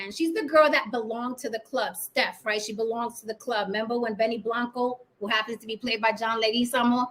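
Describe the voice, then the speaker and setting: A woman hosts her own opinion channel in a high, bright, ringing voice. She speaks bluntly and swears without hesitation. She keeps pulling her audience in with "right?" and "okay?". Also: brisk, hardly any pauses. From Puerto Rico. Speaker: vlog host and actress. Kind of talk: casual opinion monologue to camera.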